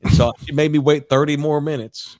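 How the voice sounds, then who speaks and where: A man's voice: fairly high pitch, fairly even intonation, brisk, darkish tone. A middle-aged man, a podcast co-host, telling a raunchy story in casual chat with lots of laughs.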